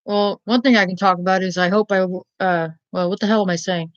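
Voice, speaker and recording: A woman's voice: medium pitch, steady tone, fairly quick, no echo, highs cut off. Blunt, profane woman ranting to camera. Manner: blunt, profane, keeps asking "you know what I mean". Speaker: vlogger. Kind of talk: rambling casual rant to camera.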